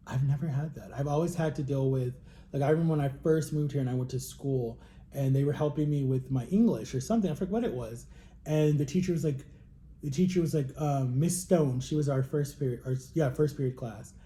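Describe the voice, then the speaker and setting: A man's voice: a little high, warm tone, slight background noise. A man in his thirties talking openly and emotionally in a personal vlog, with emphatic repetitions. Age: 30s. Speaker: vlogger.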